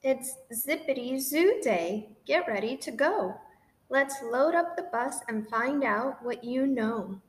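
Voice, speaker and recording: A woman reading a rhyming children's picture book aloud in an expressive, sing-song way. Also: a little high, takes it slowly. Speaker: storybook reader. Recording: roomy echo with faint noise.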